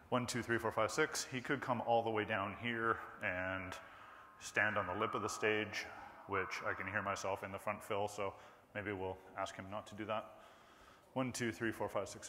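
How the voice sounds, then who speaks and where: A man's voice: lowish voice, long reverb tail, a little hiss or hum. A man running a sound check on stage, counting into the microphone and walking through the event's run of show. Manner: counting into the mic, demonstrating loud and soft speech. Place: large event hall with a stage.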